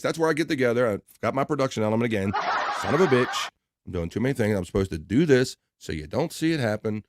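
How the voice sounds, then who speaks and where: A man's voice: mid-range voice, animated, fast, noisy background. Chatty middle-aged male stream host. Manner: rambling, loose and chatty with fillers. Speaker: livestream host. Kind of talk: casual livestream chat, reading viewer comments.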